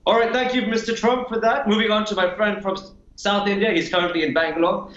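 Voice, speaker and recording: A man's voice: high voice, fairly even intonation, a bit bright, reverberant, highs cut off. A man who is a guest impressionist, upbeat, introducing his characters one after another. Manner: upbeat, quick hand-offs between characters. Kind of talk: comedy impressions over video call.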